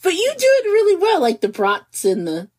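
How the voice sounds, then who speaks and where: A woman in her forties co-hosting a podcast in casual chat, animated and giggly, laughing often, with no regional accent. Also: extremely high pitch, normal speed. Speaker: podcast co-host.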